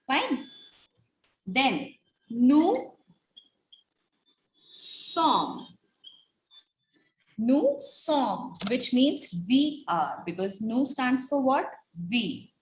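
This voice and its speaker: A woman teaching a French class, slowly and patiently repeating and quizzing her students. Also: sits high. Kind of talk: classroom lecture. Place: echoey classroom. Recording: echoey room with faint noise.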